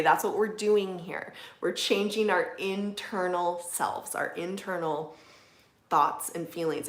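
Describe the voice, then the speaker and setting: A woman with a slightly low voice talks casually to her livestream viewers. She is relaxed and chatty, scattering "like"s and soft laughs through her speech as she reads comments aloud. Her voice carries a roomy echo from her home. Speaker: livestream host, manifestation coach. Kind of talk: casual live-stream chat reading viewer comments. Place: indoors at home.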